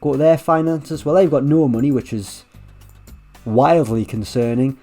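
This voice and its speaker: A man giving casual, chatty commentary over a management game, with wry asides and lively swings in delivery. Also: mid-range voice, normal speed, soft background music. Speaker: gaming YouTuber.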